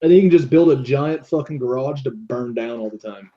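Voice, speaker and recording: A man's voice: medium pitch, fairly quick. A man teasing his friends and swearing in a casual chat, on a dull lo-fi recording. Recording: dull lo-fi sound.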